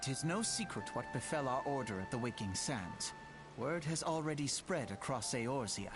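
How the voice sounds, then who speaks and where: Earnest formal young scholar guy voiced by a man, game music loud behind. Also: mid-range voice, lively intonation, normal speed, close to an everyday voice. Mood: earnest, grave. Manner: formal, old-fashioned speech. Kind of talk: game voice acting.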